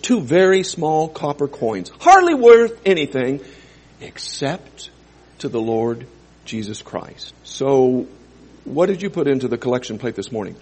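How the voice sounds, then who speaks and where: A male pastor preaching a sermon, dropping to quiet asides and rising to loud, emphatic scripture quotes. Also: medium pitch, slightly rough.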